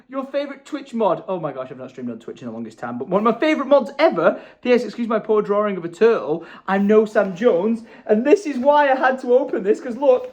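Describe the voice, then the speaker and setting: A man, chatting casually at home in a vlog, excitable and quick to jump up in pitch when delighted. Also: muffled recording. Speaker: vlogger. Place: at home, indoors.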